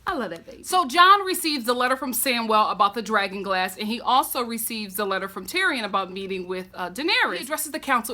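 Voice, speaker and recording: Woman vlogger, high bright voice, animated, casual recap host. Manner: expressive, animated storytelling.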